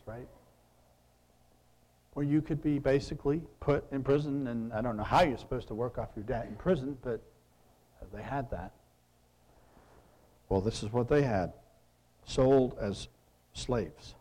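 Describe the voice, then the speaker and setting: A man's voice: medium pitch, unhurried, pauses often, mellow. A man preaching a conversational sermon, reading scripture and asking his listeners questions. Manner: conversational, asks the audience questions.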